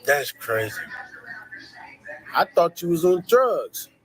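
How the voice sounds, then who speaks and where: A man's voice: a little high, very animated, takes it slowly, a bit bright, rough recording. A man speaking casually straight to someone, blunt and incredulous, repeating himself. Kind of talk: casual direct address.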